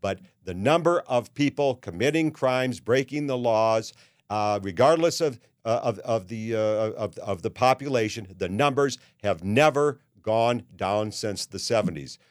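A man's voice: medium pitch, expressive, unhurried, no room sound, clean studio sound. A man in his seventies hosting a podcast, ranting bluntly in a monologue with many "uh"s and restarts. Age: 70s. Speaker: podcast host. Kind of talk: opinionated monologue.

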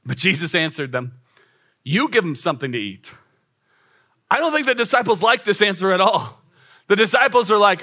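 Guy pastor in his 30s preaching hard, high bright voice, keeps punching the same line. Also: animated, moderate pace. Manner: emphatic, repetitive preaching with rising exclamations. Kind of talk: sermon. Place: church auditorium.

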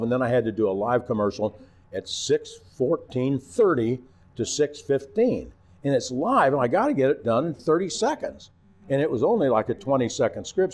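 Older man telling animated broadcast stories. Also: medium pitch. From Missouri. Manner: animated anecdotes, acting out voices. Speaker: retired TV announcer. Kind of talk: storytelling in a casual interview.

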